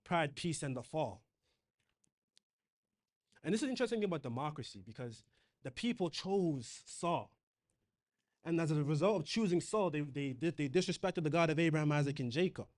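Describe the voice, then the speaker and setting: A man's voice: on the high side, lively intonation, moderate pace, long pauses. A man preaching a sermon in a conversational way, reading scripture aloud and retelling it in casual slang.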